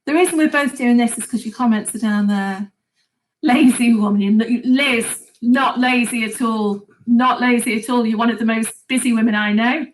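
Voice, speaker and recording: A woman's voice: on the high side, moderate pace, low-quality recording. A woman hosting a gardening live chat, chatting casually and laughing often as she reads viewer comments aloud.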